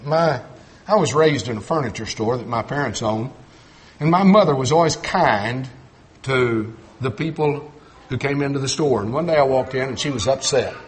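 A middle-aged man preaching a sermon, telling folksy stories and swinging between loud emphatic points and quiet low asides. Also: normal speed. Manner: storytelling with folksy humor.

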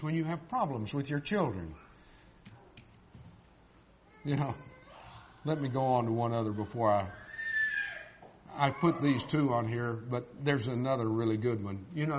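An older man preaching a folksy sermon, joking and swinging between loud and soft. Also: medium pitch.

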